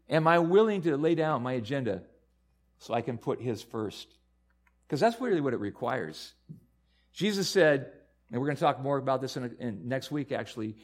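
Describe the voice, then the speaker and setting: A man preaching a sermon as pastor, earnest and repeating himself, building to loud emphatic peaks. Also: medium pitch.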